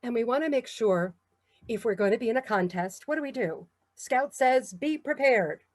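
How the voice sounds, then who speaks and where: A woman's voice: on the high side, lively intonation, brisk, no echo. Woman with a New York accent. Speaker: public speaking trainer. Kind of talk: instructional talk.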